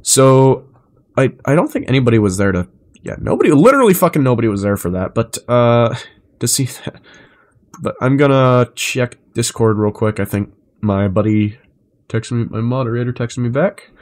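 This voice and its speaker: A young man chatting casually on a live stream, rambling and swearing, his delivery swinging between flat and animated. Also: mid-range voice, normal speed.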